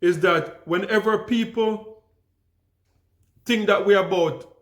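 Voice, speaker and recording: A young adult man with a Jamaican accent, telling stories to the camera in a calm, easygoing way with many restarts. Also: sits high, takes it slowly, roomy sound. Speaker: vlogger. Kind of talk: casual storytelling to camera.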